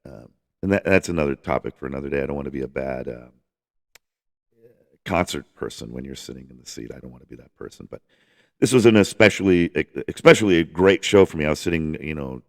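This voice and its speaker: A man's voice: very deep voice, lively intonation, fast. A man hosting a casual music podcast, rambling enthusiastically with lots of restarts and the odd swear. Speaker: podcast host.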